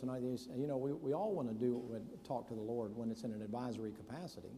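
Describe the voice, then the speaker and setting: A man's voice: mid-range voice, steady tone, fast talker, few pauses, warm tone, big-room sound, a little hiss or hum. A man preaching a sermon, telling Bible stories in a folksy way and acting out their characters in casual voices. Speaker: pastor.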